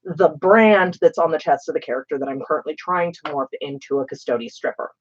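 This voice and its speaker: A woman's voice: low-pitched, a little fast. Grainy-voiced woman rambling on a stream. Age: adult with children. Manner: rambling, joking, many fillers. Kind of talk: casual livestream chat while crafting. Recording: slightly muffled stream audio.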